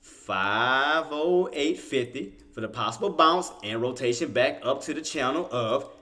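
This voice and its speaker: A man's voice: mid-range voice, measured pace. A man hosting a live trading stream, chatting casually with viewers and bragging that his market call came true. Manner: animated, bragging, laughs often, talks to chat. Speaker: trading livestream host.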